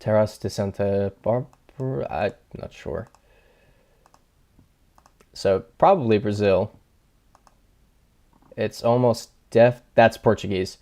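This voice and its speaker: A man's voice: on the low side, slow, pauses often, mellow. A man thinking aloud as he streams a game, chatting with his viewers and poking fun at himself. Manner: thinking aloud, chatty and self-deprecating, reading chat. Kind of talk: casual livestream commentary.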